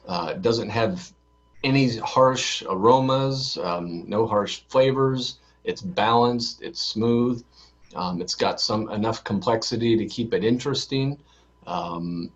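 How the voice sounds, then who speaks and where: A man co-hosting a casual drinks podcast, hesitant with many ums and dry quips. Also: on the low side. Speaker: podcast co-host. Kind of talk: casual chat. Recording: dull lo-fi audio.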